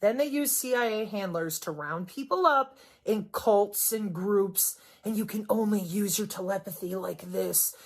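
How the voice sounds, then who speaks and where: Middle-aged woman from the Midwest, solo vlog monologue, sarcastic and emphatic, swears freely, lots of swings in pitch and volume. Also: unhurried, hardly any pauses. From Wisconsin, US Midwest. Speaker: vlogger.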